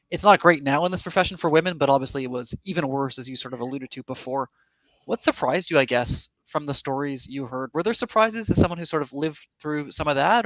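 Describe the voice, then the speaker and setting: A man hosting a live online summit, talking quickly in a chatty, self-correcting way. His voice comes through a muffled, lo-fi mic with a very dry sound and no room echo. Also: medium pitch, fairly bright tone. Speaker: summit host.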